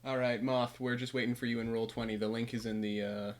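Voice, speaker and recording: A man's voice: medium pitch, level tone, quick pace. A man acting as game master, chatting casually and laughing easily before the session starts. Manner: laid-back, laughs easily, loose phrasing.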